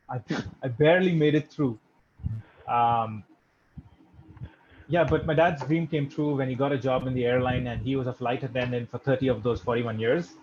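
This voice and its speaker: A man's voice: mid-range voice, a little mellow, dull audio, a little hiss or hum. Dry-witted young man from India. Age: young adult. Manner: dry, self-deprecating delivery with chuckles. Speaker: stand-up comedian. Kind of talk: online stand-up set.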